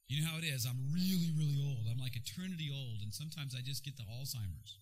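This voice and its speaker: A man preaching a sermon in an animated, jokey way with sudden bursts of energy. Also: mid-range voice, fast, hardly any pauses, rough recording. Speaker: pastor.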